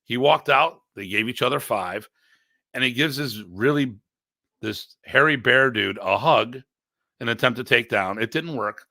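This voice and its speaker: A middle-aged American man, a podcast host and martial arts instructor, telling stories in an animated, blunt, joking way and acting out quoted exchanges. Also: a little slow, gravelly, no room sound, studio quality. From United States. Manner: animated, acts out quoted exchanges with pitch jumps; rambling with restarts, blunt and joking. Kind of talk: casual storytelling chat.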